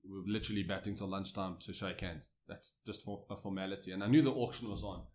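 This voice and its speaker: A South African man in his thirties, a cricketer guest telling stories in casual chat, lively and anecdotal with frequent restarts. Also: sits low, fast.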